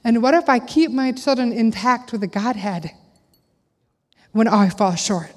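A middle-aged woman delivers a sermon in a chatty, animated way, throwing rhetorical questions at her listeners. Her voice sits slightly high. The sound carries a long reverb, as if she is in a large hall. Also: unhurried. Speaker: speaker at a church gathering.

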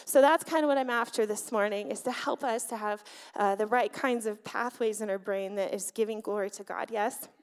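A woman pastor giving an animated sermon, often asking the congregation questions. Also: mid-range voice, a little fast, smooth. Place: church sanctuary. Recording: church hall reverb.

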